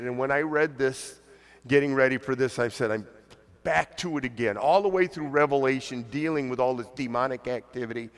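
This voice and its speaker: A man's voice: medium pitch, normal speed, in a large hall. A man preaching a conversational sermon as pastor, now and then acting out the voices of the people he quotes.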